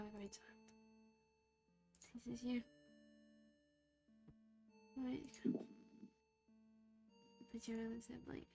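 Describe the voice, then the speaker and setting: A woman's voice: mid-range voice, gravelly. A young woman streamer casually talking through a game, hesitant and muttering to herself as she picks options. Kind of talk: casual gameplay commentary.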